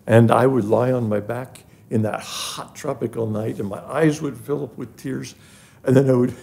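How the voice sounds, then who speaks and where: Older male guest, gravelly, mellow tone; earnest personal storyteller. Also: mid-range voice, steady tone, moderate pace. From grew up in an African village. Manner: earnest and emotional, rising when moved. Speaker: guest, charity president emeritus. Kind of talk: personal storytelling in a podcast interview.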